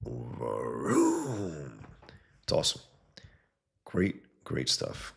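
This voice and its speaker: A man's voice: extremely low pitch, moderate pace, gravelly. A man hosting a casual livestream, talking enthusiastically about comic art and reading chat messages aloud, with blunt profane asides.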